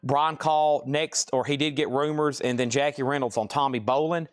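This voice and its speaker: A man running a live record sale, reeling off titles, conditions and prices in a quick, practical patter. His voice sits at a middling pitch and the sound is dry and close, with little room around it. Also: steady tone, clear, resonant tone, dry recording. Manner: brisk, matter-of-fact listing of items and prices. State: briefly out of breath. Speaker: livestream record sale host.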